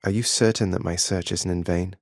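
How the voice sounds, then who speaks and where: An actor playing an earnest, wry young prince of the underworld in a video game, polite with dry teasing, recorded in a studio booth. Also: male voice, deep voice, steady tone, fairly quick, dry recording.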